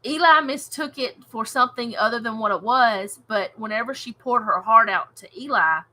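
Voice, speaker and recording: A woman leading a casual home Bible study, reading scripture and reflecting earnestly with soft laughs. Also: a little high, normal speed, low-quality recording.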